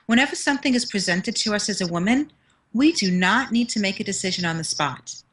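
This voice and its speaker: A woman with a New York accent talks as a confidence mentor in an interview, earnest and emphatic, often repeating words to drive a point home. Her pitch sits in the middle range. She comes through a video call. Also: animated, brisk, fairly bright tone, rough recording. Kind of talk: interview conversation.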